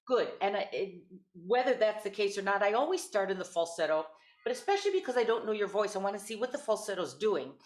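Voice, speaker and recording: A woman leads a voice lesson over a video call, coaching gently and singing short warm-up sounds herself. Her voice sits in a middle range, neither high nor low. The call picks up a noticeably echoey room around her. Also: big pitch swings, quick pace. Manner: patient, encouraging, demonstrates vocal exercises. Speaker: voice teacher. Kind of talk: online voice lesson.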